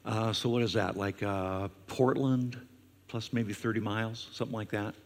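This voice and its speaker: A man's voice: fairly low pitch, steady tone, moderate pace. A male pastor preaching a conversational sermon with frequent fillers, who acts out questions in a raised voice. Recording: long hall reverb.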